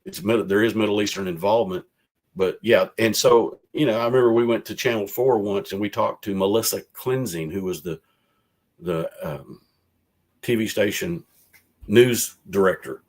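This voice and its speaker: A man's voice: on the low side, normal speed. A man, a former legislator and guest, talking on a video call and recounting events in a rambling way. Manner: rambling, retells quotes in a lively voice. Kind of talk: casual storytelling over a video call.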